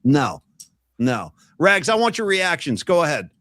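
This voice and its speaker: A man's voice: a little high, unhurried, no room sound. A man hosting a casual sports podcast, telling stories with energy and acting out what others said. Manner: animated storytelling, acting out quotes. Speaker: podcast host.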